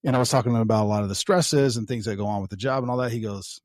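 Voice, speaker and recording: A man's voice: fairly low pitch, racing, darkish tone, no room sound. A man co-hosting a podcast, telling rambling stories in a casual way with some swearing and laughing at his own tales. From United States. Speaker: podcast co-host.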